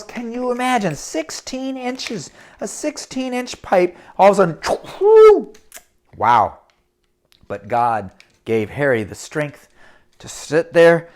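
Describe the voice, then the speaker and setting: A man telling a dramatic story to children, speaking straight to the boys and girls. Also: on the high side.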